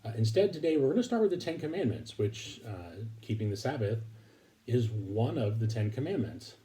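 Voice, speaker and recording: A man giving a recorded Bible lesson to his congregation, speaking haltingly with many fillers and restarts. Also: medium pitch, sing-song, warm tone. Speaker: preacher.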